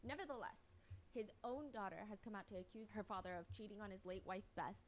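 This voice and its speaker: Woman, mid-pitched, reads a commentary script with sarcastic, blunt asides, faint noise under her voice. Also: fairly quick. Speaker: commentary video narrator.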